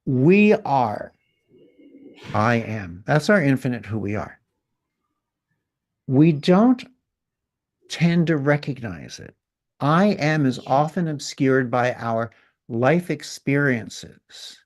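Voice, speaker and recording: A man guiding someone through a feeling exercise in a calm, gently directive coaching way. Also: medium pitch, takes it slowly, pauses often. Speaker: guest healer leading an exercise. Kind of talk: guided exercise in conversation.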